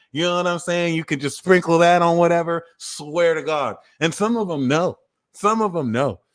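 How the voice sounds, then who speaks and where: A man hosting an astrology livestream, ranting in a casual comedic way, animated, slangy and profane, laughing at his own jokes. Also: a little high.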